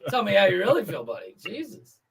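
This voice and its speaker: A man co-hosting a podcast in casual banter, sarcastic and quick to tease. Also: high-pitched, huge pitch swings, gravelly, breathy edge. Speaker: podcast co-host.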